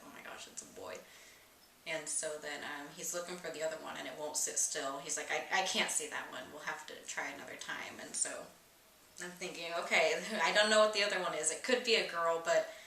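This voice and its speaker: A woman's voice: deep voice, steady tone, a little fast, pushed and bright. A young woman candidly telling a personal, emotional story in a vlog, rambling with many fillers. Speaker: vlogger. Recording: echoey room, distant mic, faint hiss.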